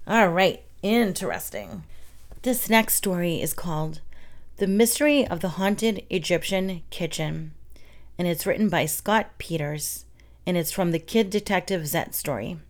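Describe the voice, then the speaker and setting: A woman reading children's stories aloud in a soft, steady narration. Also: on the low side, unhurried.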